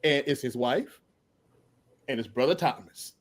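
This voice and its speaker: A middle-aged man telling a lively personal story as a podcast guest, laughing often and acting out the people in it. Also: medium pitch, a little slow. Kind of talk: animated storytelling.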